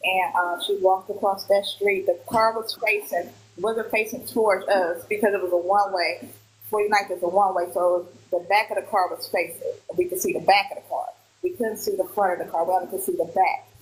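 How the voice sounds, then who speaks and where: A woman's voice: mid-range voice, fairly even intonation, a little fast, low-quality recording. A woman in her thirties from Milwaukee, a witness telling her account in a casual live stream and acting out what people said. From Milwaukee, Wisconsin. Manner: recounts events with acted-out quoted dialogue. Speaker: witness guest.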